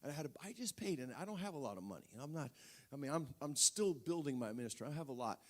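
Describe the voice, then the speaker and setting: Higher-voiced man preaching a personal story. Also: big pitch swings, rapid-fire. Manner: conversational, with frequent restarts and fillers. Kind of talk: sermon told as a personal story.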